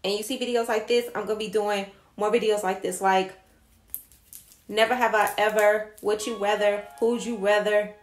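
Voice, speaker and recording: A woman's voice: mid-range voice, level tone, moderate pace, reverberant. A young woman vlogging to camera in a sassy, playful way, calling her viewers honey. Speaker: YouTube vlogger. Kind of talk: casual chatty vlog to camera.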